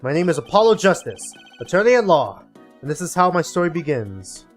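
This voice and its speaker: A man reads out an earnest young rookie attorney, his voice lively and swinging up and down in pitch. He pushes the lines with raised insistence, over soft game music. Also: fairly quick. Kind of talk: reading game dialogue aloud.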